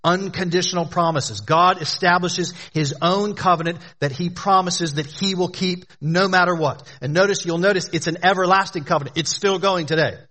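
A man's voice: sits high, normal speed, hardly any pauses, pushed and bright. A man preaching a sermon as pastor, with emphatic, repetitive phrasing, sometimes speaking directly to the children in the congregation.

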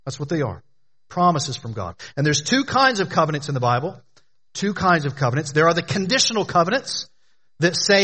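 Man, pastor, sermon, emphatic repetitive cadence, slightly high voice. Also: sing-song, brisk, bright, forceful tone, slightly rough. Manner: addresses children in the congregation directly.

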